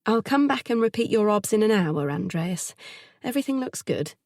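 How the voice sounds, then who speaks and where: A woman voicing a polite, brisk hospital nurse in an audiobook. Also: medium pitch, animated, darkish tone, dry recording, studio quality, lightly acted. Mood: reassuring.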